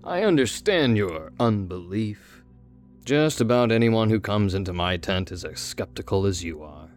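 A man's voice: on the low side, lively intonation, moderate pace, faint music behind, lightly acted. An actor playing a sinister, giggling carnival showman in an audio drama, speaking in a gleeful, teasing way.

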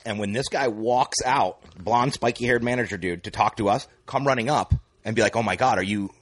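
A man guesting on a podcast, rattling through a rambling story at a quick clip. His voice sits at a middle pitch, and his telling is loose and chatty, full of fillers and restarts. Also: a bit bright, husky. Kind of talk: casual chat.

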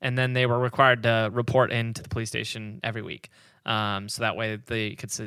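Casual podcast co-host, man, gravelly and bright, dry close sound. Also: fairly low pitch, little pitch movement, brisk, no echo. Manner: rambling, laughs often, hedges on numbers. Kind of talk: casual history chat.

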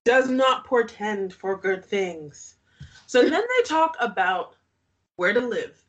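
A woman's voice: mid-range voice, expressive, takes it slowly, highs cut off. A woman co-hosting a podcast, recapping a reality show in casual chat, often laughing and making sarcastic asides.

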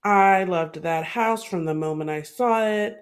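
A woman co-hosting a podcast, chatting casually with lively, wry remarks about a reality show. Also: on the low side, a little slow, smooth. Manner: lively, exclaiming, wry asides. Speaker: podcast co-host. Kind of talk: casual recap chat.

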